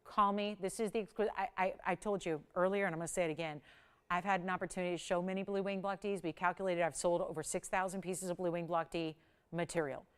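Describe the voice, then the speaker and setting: A woman hosting a live shopping channel jewelry segment, delivering an effusive, gushing sales pitch with urgent calls to buy. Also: steady tone, fast talker, clear, resonant tone. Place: TV studio.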